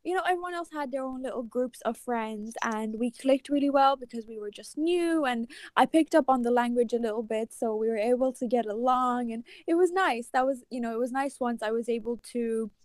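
A young woman in a casual podcast chat, thoughtful, with soft laughs and many fillers. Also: fairly high pitch, a little fast, hardly any pauses, no echo.

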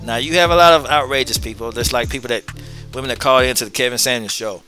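A man's voice: medium pitch, fast, bright, forceful tone, faint music behind. A man hosting his own show, giving a blunt, casual opinion monologue to his viewers and hammering his points home with repetition. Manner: casual and blunt, drops in slang.

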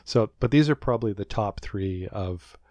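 A man co-hosting a podcast, chatting in a rambling, animated way as he recaps a show. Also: lowish voice, normal speed, no echo. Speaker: podcast co-host. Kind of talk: casual recap chat.

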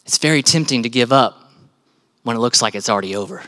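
A young man preaching a sermon in an animated, joking style, laughing often. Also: medium pitch, fast talker. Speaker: pastor. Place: church stage.

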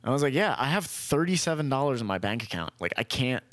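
A man's voice: medium pitch, big pitch swings, quick pace, a bit bright, no echo. A young man in casual conversation telling a long story, rambling, swearing freely and acting out what people said. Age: young adult. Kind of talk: casual chat.

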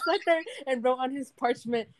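A woman's voice: sits high, moderate pace, noisy background. A woman co-hosting a casual chat, giggling often and rambling as she loses her thread. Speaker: podcast co-host.

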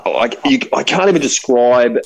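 A man's voice: medium pitch, normal speed, creaky, low-quality recording. A man, a podcast host telling a long story in a casual, rambling way with many asides. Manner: animated, rambling, full of fillers and asides.

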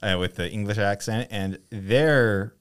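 A man co-hosting a casual podcast, chiming in with animated asides. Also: lowish voice, measured pace, smooth. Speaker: podcast co-host. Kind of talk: casual chat.

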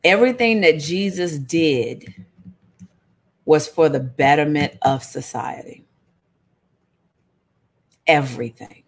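Slow-talking woman teaching scripture. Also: deep voice, husky. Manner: lively and conversational, calling out to listeners. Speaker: Bible study teacher. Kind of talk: casual sermon-style Bible teaching.

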